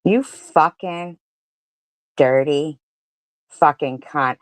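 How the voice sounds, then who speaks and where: A woman giving angry live-stream commentary, ranting furiously and profanely, swinging between loud outbursts and low mutters. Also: steady tone, slow, clear, resonant tone, no echo.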